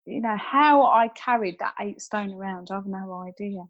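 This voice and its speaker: A woman, chatting as a guest and telling stories with lots of excitement and quoted voices. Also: medium pitch, normal speed, highs cut off. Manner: excitable storyteller, quotes people. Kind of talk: casual chat.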